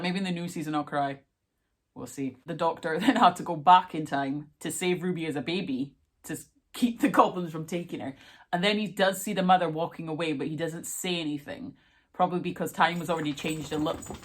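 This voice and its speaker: A young woman with a notably low voice rambles excitedly through a casual reaction vlog, dropping fillers and asides as she goes. Her delivery is chatty and animated. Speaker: vlogger.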